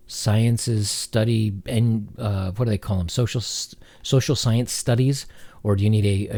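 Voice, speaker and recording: Brief: male commentator, low mellow voice, sarcastic reading of an article, close dry mic. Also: dry recording. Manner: sarcastic, mocking, halting with fillers. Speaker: commentary channel host.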